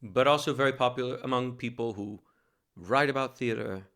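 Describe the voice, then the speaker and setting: A man from New York City, a guest telling a lively, self-mocking story in a casual interview and laughing as he goes. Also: mid-range voice, a little fast.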